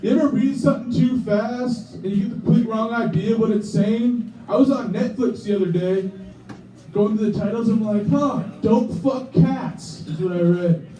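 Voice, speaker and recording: A man's voice: high-pitched, a little fast, warm tone, a little hiss or hum. A man doing a crude, rambling stand-up set in a small comedy club. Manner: crude, rambling, nervous asides. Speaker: stand-up comic. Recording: echoey club, far from the mic.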